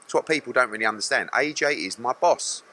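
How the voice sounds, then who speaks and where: A man's voice: medium pitch, animated, quick pace, pushed and bright. A middle-aged man, a boxing promoter, answering media questions bluntly and retelling a confrontation with mocking voices.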